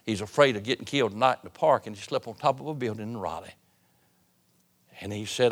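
A man preaching a sermon, swinging between loud appeals and hushed tones. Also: on the low side, fast talker. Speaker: pastor. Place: church sanctuary.

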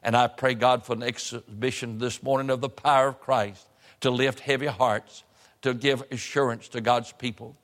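A male pastor delivers a sermon in a church sanctuary, his voice rising in emphatic swells and stretching key phrases. His pitch sits in the middle range. A long hall reverb trails every line. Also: steady tone, a bit bright. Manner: rising, emphatic preaching cadence with drawn-out phrases.

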